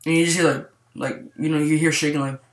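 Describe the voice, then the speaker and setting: A young man rambling excitedly through a casual movie review, full of fillers and restarts. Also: a little high, quick pace. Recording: echoey room.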